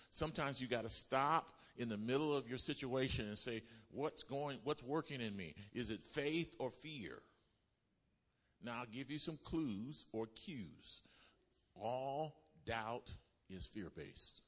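A man delivers a sermon from the pulpit, his voice sitting at an ordinary middle pitch. He swings between loud, fervent exhortations and low, quiet stretches. A long reverb from a large hall trails behind every phrase. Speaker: pastor.

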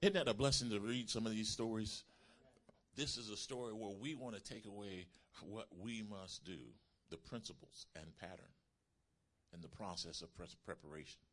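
A man preaching a sermon as pastor, emphatic and calling out to his congregation, building to shouts. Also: on the low side, moderate pace. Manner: calls to the congregation.

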